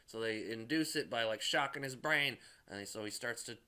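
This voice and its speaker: A man recaps a movie in a loose, rambling way, with plenty of filler and profanity. His voice is bright and edged, sitting at a middling pitch. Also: moderate pace, few pauses, clean tone. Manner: rambling, heavy on "like" and swearing. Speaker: movie reviewer.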